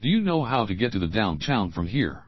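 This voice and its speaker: A male teacher reads practice questions aloud, first the opening words and then the full question. His pitch moves a lot from line to line. The recording is dry and close, with a slightly muffled tone. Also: very animated, no room sound. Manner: slow, clear drill reading, repeating each opening phrase. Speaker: English teacher. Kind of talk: reading example questions for learners.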